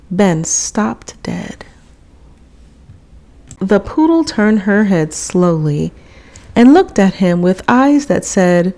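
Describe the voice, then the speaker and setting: A woman narrates a whimsical storybook in a playful, wry manner. She takes her time over every line, and her voice has a gravelly, creaky texture. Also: mid-range voice, sing-song, takes it slowly, dark tone.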